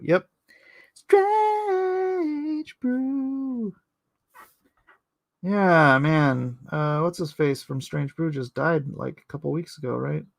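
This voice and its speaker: A man's voice: fairly high pitch, creaky, no echo. A man chatting casually with his viewers while he inks a drawing live, rambling and joking as he answers the chat. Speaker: artist streaming live while inking.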